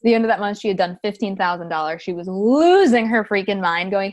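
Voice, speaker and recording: Animated woman telling coaching stories. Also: mid-range voice, a little fast. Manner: animated storytelling, acts out quoted voices. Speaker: business coach, podcast guest. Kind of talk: casual podcast interview.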